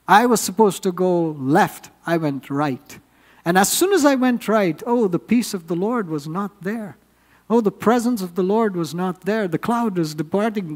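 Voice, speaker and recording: A man's voice: sits high, a little mellow, big-room sound. A man preaching a sermon, earnest and building up with rising emphasis.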